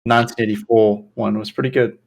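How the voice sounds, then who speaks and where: A man's voice: fairly low pitch, little pitch movement, fast talker, vocal fry. A man chatting casually on a podcast, ribbing the others playfully. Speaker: podcast guest. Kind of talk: casual chat.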